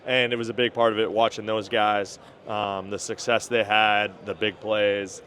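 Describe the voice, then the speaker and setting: A man's voice: lowish voice, level tone, normal speed, a bit bright. A man in his thirties from Minnesota, with a Minnesota accent, answering interview questions in an easygoing, modest way with lots of ums. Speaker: NFL wide receiver, guest.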